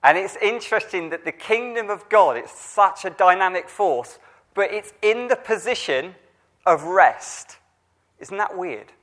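High-voiced man preaching casually. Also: expressive, a little slow, a bit bright. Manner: conversational, with frequent fillers and restarts; asks the audience direct questions. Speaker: youth worker preaching. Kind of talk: informal sermon.

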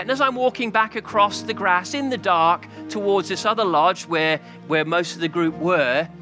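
High bright-voiced male preacher. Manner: storytelling, building to a passionate high-pitched climax. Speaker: pastor. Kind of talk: sermon.

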